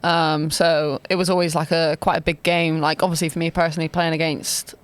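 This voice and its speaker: A young woman from Bristol, a podcast guest who talks casually and hesitantly, often pausing with ums and likes. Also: low-pitched, little pitch movement, clean tone. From Bristol, England. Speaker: guest basketball player.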